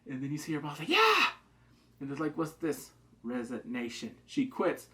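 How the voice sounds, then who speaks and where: A man giving a casual, excitable recap of a TV drama, acting out the characters' lines in quick asides. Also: medium pitch, noisy background. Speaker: TV drama reviewer.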